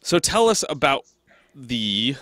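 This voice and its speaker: A young man hosting a casual show, upbeat and animated, laughing often. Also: medium pitch, slow pace, no room sound. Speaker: show host, tournament caster. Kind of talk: casual chat.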